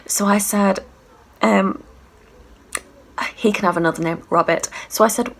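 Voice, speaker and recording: A young woman in her twenties telling a storytime vlog, brash, sweary and animated. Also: mid-range voice, measured pace, creaky, pauses often. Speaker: vlogger.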